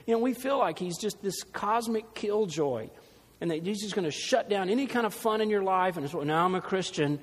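A pastor delivers a sermon in a chatty, easygoing way, slipping into funny asides. His voice sits high for a man and has a husky edge. The sound carries a long reverb, as in a large church sanctuary. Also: expressive, brisk. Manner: conversational preaching with humor and asides.

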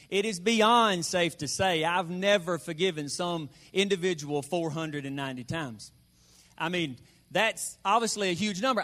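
High-voiced folksy preacher. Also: male voice, a bit bright. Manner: folksy and joking, slows down to stress numbers. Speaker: pastor. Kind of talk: sermon.

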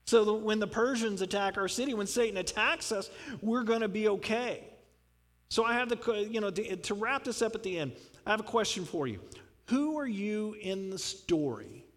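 A man's voice: sits high, expressive, normal speed, a bit bright. A man preaching a sermon as pastor, emphatic and rising into fervent appeals, then closing in prayer. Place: church sanctuary. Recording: long hall reverb.

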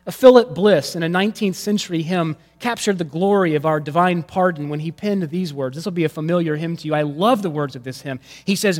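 A man preaching from the pulpit with a high-pitched voice, his words ringing out in the long reverb of a large hall. He swings from forceful emphasis down to near-whispered lows, a dynamic sermon delivery. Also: a little fast, hardly any pauses. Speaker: pastor.

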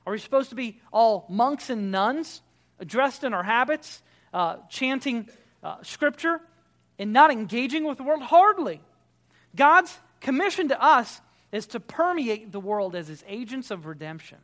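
A man, a Baptist pastor preaching a sermon, emphatic and swinging between loud declarations and quiet, soft prayer. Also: extremely high pitch, lively intonation, a little slow.

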